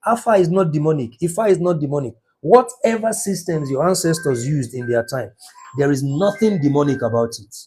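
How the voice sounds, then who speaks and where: A man's voice: a little high, animated, fairly quick, darkish tone, faint music behind. A middle-aged man teaching business numerology in an impassioned lecture, stressing words by drawing them out and asking rhetorical questions.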